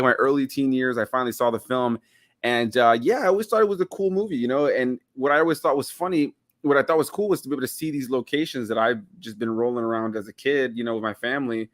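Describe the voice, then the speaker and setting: A man's voice: medium pitch, no echo, clean studio sound. A man in his thirties from Miami, a guest reviewing a film in casual chat, rambling with lots of "like" and "you know". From Miami, United States.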